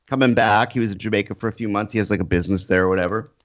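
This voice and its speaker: A man's voice: lowish voice, racing, dry recording. A man co-hosting a podcast, telling rambling stories in casual chat with crude jokes. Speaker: podcast co-host. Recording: dry, dull lo-fi sound.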